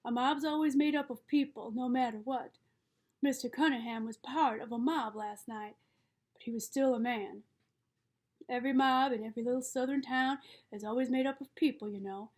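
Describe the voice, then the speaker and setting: A woman reading the part of a calm, wise middle-aged father, who speaks steadily and patiently. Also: fairly high pitch, normal speed, close to an everyday voice. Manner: steady, patient, gently reasoning.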